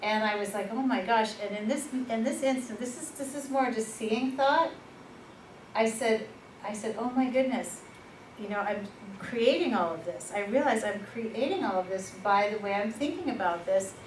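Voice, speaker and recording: A woman presenting a workshop, telling personal stories in a lively, informal way and laughing at herself. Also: on the high side, normal speed. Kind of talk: personal storytelling in a workshop talk. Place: workshop room. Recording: echoey room, far from the mic, noisy.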